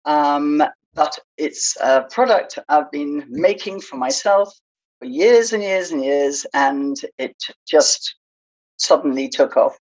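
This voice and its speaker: A woman guest in a studio interview, talking in an unhurried, hesitant way with many pauses and ums. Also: deep voice, animated, a little mellow, low-quality recording. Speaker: guest, small-business founder. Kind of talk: interview conversation.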